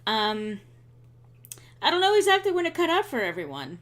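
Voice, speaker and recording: A woman's voice: a little high, wildly swooping pitch, moderate pace, fairly bright tone. A young woman streaming a game, chatting casually with sarcastic asides and frequent ums. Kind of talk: casual let's-play chat.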